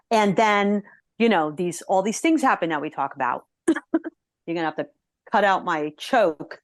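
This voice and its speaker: Animated woman co-hosting a podcast, dry sound. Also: fairly low pitch, no echo. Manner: animated, acts out characters' thoughts in quick asides. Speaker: podcast co-host. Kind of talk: casual film discussion.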